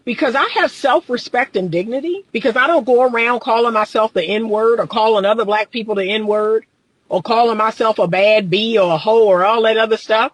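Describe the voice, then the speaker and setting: A woman coaching on relationships over a livestream, firing off exasperated rhetorical questions and laughing between points. Her delivery is animated and emphatic. The sound is dry and close, with no room echo. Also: fairly high pitch, moderate pace. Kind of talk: livestream commentary reading viewer comments.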